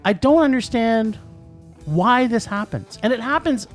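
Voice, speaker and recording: A man's voice: very high voice, lively intonation, unhurried, soft background music. A man co-hosting a podcast, ranting about movies in casual chat, emphatic and laughing. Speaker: podcast co-host. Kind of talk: casual film-review chat.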